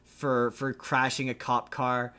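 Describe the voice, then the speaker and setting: A man co-hosting a podcast, recapping a movie plot in a rambling, animated way with many restarts. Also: medium pitch, takes it slowly, smooth. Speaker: podcast co-host. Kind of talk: casual movie recap chat.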